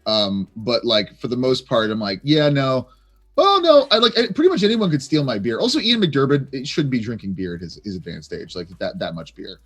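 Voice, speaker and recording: A man's voice: medium pitch, wildly swooping pitch, brisk, hardly any pauses, fairly bright tone, slightly rough. A man chatting casually on a live stream, rambling playfully and stammering through many restarts. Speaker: chat show panelist.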